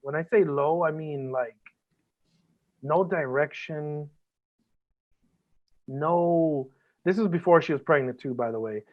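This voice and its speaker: A man speaks as a podcast guest in an emotional, heartfelt conversation. He talks earnestly, swears freely and often stops to restart a sentence. His voice sits fairly high and comes through thin and band-limited, like a phone line. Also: slow, long pauses.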